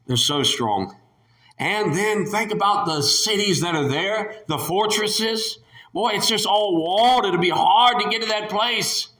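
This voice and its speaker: Male preacher, high bright voice, emphatic and animated, echoey room. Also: a little slow. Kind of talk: sermon.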